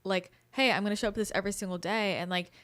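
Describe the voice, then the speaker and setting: A woman's voice: medium pitch, steady tone, fast, fairly bright tone. A woman hosting a podcast as a spiritual channel, talking candidly in casual conversation and swearing now and then.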